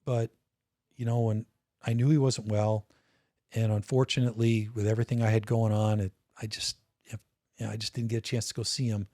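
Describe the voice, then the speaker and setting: A man's voice: lowish voice, little pitch movement, brisk, dark tone, dry recording, studio quality. A middle-aged man, a retired state police officer, telling a personal story in a casual, candid podcast interview, swearing now and then and often restarting his sentences. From United States.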